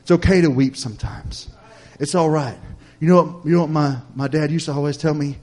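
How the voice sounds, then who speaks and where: A man's voice: a little high, steady tone, brisk. Man preaching a style sermon. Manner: preacherly, repetitive cadence with call-and-response "Amen?"; swings from loud emphatic lines to soft hushed ones. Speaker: pastor.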